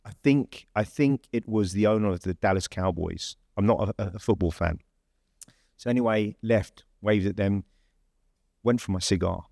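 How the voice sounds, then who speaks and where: A man's voice: lowish voice, moderate pace, gravelly, a little mellow, dry recording, studio quality. English man telling a rambling story. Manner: chatty, rambling storyteller with many fillers and restarts. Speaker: podcast host. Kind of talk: casual anecdote telling.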